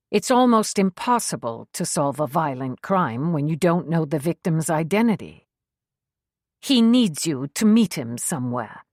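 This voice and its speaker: A woman reading a first-person story aloud, measured with a wry edge. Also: deep voice, dry recording, studio quality. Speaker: audiobook narrator. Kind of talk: first-person scripted narration.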